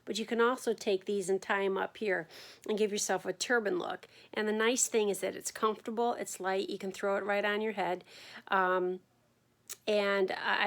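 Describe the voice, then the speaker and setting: A woman's voice: mid-range voice, fairly even intonation, gravelly. Tired woman talking to camera at home. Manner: frequent ums, yawning, tired and unhurried. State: fatigued from chemotherapy. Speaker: vlogger sharing her chemotherapy journey. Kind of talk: casual personal video diary.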